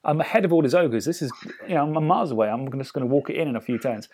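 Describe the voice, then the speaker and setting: A man's voice: a little high, rapid-fire, breathy edge. A man co-hosting a podcast, casually retelling a tabletop game match and acting out his own thoughts. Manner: lively storytelling, acts out his own thoughts. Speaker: podcast co-host.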